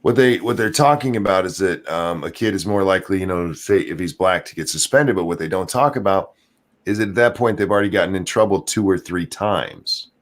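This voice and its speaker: A man's voice: low-pitched, brisk. A man in casual podcast chat, explaining his view with a wry tone. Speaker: podcast co-host.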